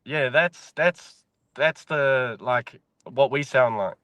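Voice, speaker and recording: A man's voice: mid-range voice, slow, fairly bright tone, no room sound, dull audio. A man from New Zealand with a New Zealand accent, chatting casually as a podcast guest, laid-back and swearing freely. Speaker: podcast guest, mine worker. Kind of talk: casual chat.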